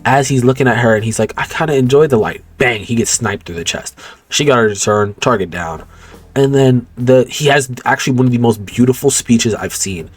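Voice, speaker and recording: A man's voice: medium pitch, a little fast, breathy edge. A young man casually recapping a movie plot, rambling, slangy and profane, often stopping to correct himself. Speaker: movie commentator.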